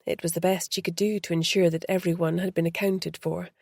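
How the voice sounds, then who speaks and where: Measured and even, a female audiobook narrator speaks with a mellow, gravelly, fairly low voice. The recording is dry, with the close mic leaving a dead sound.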